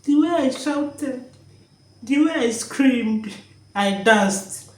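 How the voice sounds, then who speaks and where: Her voice sits high and is expressive, with drawn-out words, as this woman vlogs joyfully and emotionally at home, repeating herself. The indoor recording is rough and sounds roomy.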